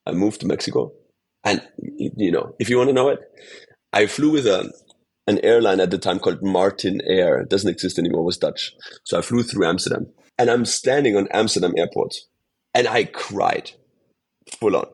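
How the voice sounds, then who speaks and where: Husky Austrian man telling a story. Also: on the low side. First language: German. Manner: animated storyteller, swears casually, says dude a lot. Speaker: podcast guest. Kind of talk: casual storytelling interview.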